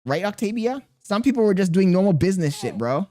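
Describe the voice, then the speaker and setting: A man's voice: high voice, brisk. A man live streaming, reading his chat aloud and bantering back in profane, slangy talk. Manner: slangy and animated.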